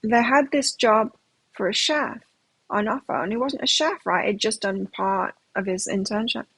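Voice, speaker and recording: Chatty husky middle-aged woman tarot reader. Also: medium pitch, normal speed, a bit bright, no room sound, rough recording. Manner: chatty, rambling, with frequent restarts. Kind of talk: live tarot reading and anecdote.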